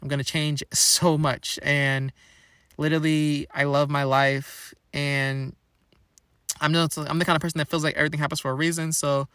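A young man rambles through questions on his own podcast, playful and full of slang. His voice sits a touch higher than most men's. The sound is close and dry, with no room echo. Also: little pitch movement, moderate pace, sharp tone, clean tone. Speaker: podcast host. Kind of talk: casual solo podcast chat.

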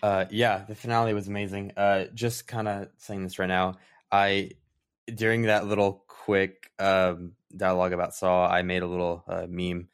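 A man co-hosting a casual fan podcast, laid back and quick to laugh. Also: deep voice, flat delivery, smooth. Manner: laid-back, laughs easily, brief replies. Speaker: podcast co-host.

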